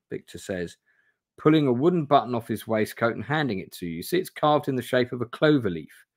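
A man's voice: medium pitch, lively intonation, brisk. A man streaming a gamebook play-through from home on camera, reading aloud casually, swearing and chatting to viewers. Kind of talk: live reading and casual chat. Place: home room.

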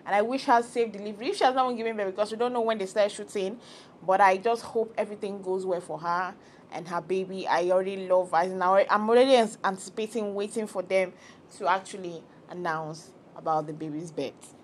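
A woman's voice: mid-range voice, a little fast, slight background noise. A young woman chatting casually and with strong opinions as she recaps a reality TV episode, often acting out what the cast said. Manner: chatty, opinionated, animated quoting of cast members. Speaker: reality TV commentator. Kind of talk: casual reaction vlog.

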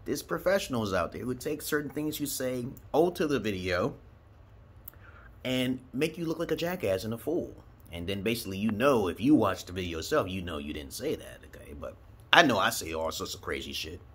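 Casting: husky-voiced man from Brooklyn, lively swooping delivery, loose and profane, rambling vlog rant. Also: lowish voice, a little fast. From Brooklyn, New York, USA. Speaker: vlogger. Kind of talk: casual rambling monologue.

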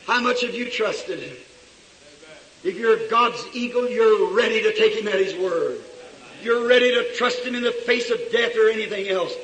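A male preacher delivering a fiery revival sermon in a church, swinging between shouts and low asides. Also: moderate pace. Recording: echoey hall recorded from far off.

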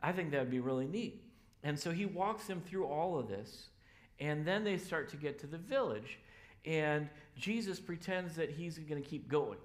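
A man's voice: fairly high pitch, animated, moderate pace. A man preaching a sermon as a pastor in a church, telling the story casually and acting out the voices of the people in it. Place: church sanctuary.

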